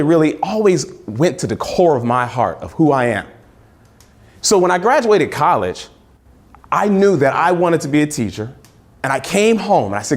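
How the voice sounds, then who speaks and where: A man from New Mexico, a teacher giving a keynote speech, who tells stories and repeats phrases for emphasis. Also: a little high. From New Mexico, USA. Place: event hall with an audience.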